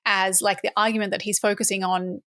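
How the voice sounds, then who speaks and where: A young woman in casual political chat, her voice pitched in the middle range. She talks in a loose, chatty way, laughs easily and swears here and there. The recording is close and dry. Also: level tone, fairly quick, fairly bright tone, no echo. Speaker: podcast co-host.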